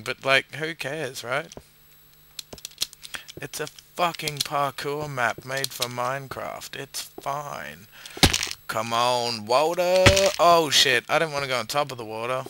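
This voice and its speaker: A man with an Australian accent, a bit drunk, giving casual gameplay commentary and swearing loudly at his own failed jumps. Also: mid-range voice, measured pace, very noisy. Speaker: gamer playing a parkour map.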